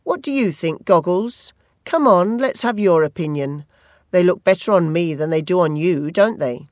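A reader voicing a taunting, menacing teenage boy bully in a storybook reading, with slow, sneering threats. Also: medium pitch, expressive, dry recording, studio quality, lightly acted. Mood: mocking.

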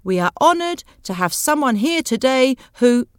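A woman's voice: sits high, very animated, normal speed, smooth, no echo, clean studio sound, voice pushed up. A woman voicing a cheerful male manager giving a formal speech in a canteen. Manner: hearty, speechmaking. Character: cheerful older male boss making a speech.

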